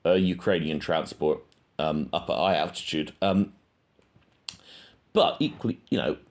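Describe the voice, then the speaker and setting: A man's voice: sits low, measured pace. A man hosting his own channel, talking through his thoughts in a casual monologue, hesitant and full of ums. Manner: hesitant, thinking aloud with frequent ums. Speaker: true-crime channel host.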